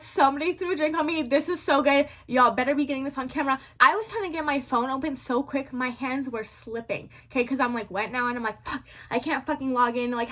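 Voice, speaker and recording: A young woman telling a story to her viewers in a casual vlog, animated and slangy, repeating lines for drama. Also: sits high.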